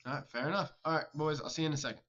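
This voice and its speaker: A man's voice: fairly high pitch, very fast, a bit bright, lo-fi sound, slight background noise. A man commenting on a football video game and interviewing coaches in a chatty, teasing way. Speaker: host and commentator.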